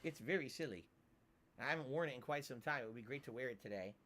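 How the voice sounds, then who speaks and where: A man's voice: medium pitch, fast, a bit bright. A man streaming games, chatting casually to his viewers and cooing at his cat. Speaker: game streamer. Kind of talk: casual livestream chat.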